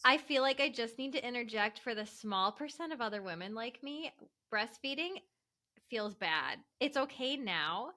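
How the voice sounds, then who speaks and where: A woman's voice: fairly high pitch, lively intonation, moderate pace, bright, forceful tone. Earnest young woman co-host. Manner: earnest, explanatory, self-correcting. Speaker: podcast co-host. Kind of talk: casual chat.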